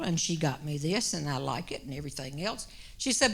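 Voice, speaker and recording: A woman, a humorist telling a long comic story on stage, drawing out her words with animated timing. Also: sits low. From North Carolina. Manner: drawn-out, animated delivery with comic pauses. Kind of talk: stand-up storytelling. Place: stage before a live audience.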